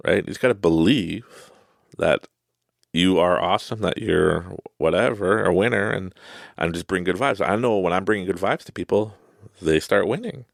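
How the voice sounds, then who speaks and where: A man's voice: low voice, moderate pace, creaky, no room sound, clean studio sound. A man hosting a podcast, telling motivational stories in a rambling, casual way with many fillers and asides. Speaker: podcast host.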